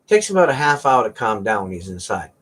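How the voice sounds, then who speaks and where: Fairly quick and on the low side, this man's voice swings widely in pitch as he hosts an informal chat. His rambling cat stories come with the occasional meow in imitation of them.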